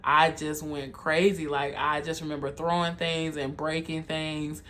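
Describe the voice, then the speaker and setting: A young adult video creator candidly telling a personal story, heartfelt and halting, speaking straight to viewers as y'all. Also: medium pitch, flat delivery, a bit bright, a little hiss or hum. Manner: halting, with frequent um and like.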